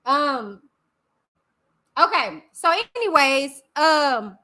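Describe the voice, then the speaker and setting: An animated woman with a bright, high voice runs a casual live stream, chatting and greeting viewers by name with affectionate, stretched-out hellos. Sound is from a computer mic within the streaming software.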